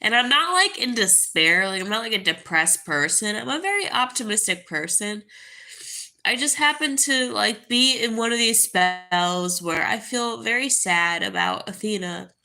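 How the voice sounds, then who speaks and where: A young woman talking to camera in a halting, grieving way, full of fillers and restarts. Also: medium pitch, very animated, sharp tone. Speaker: vlogger. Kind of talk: casual spoken monologue.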